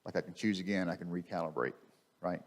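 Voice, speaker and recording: A man's voice: sits low, fairly even intonation, fast. A man preaching a conversational sermon in a church, repeating key phrases for emphasis. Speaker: minister. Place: church sanctuary. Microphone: microphone.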